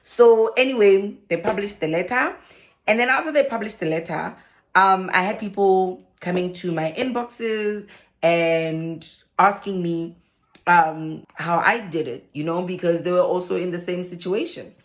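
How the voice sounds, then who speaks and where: A woman's voice: fairly low pitch, measured pace. A South African woman talking casually to camera as a vlogger, telling her story with lots of laughter. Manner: animated storyteller, laughs often. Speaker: vlogger and social worker.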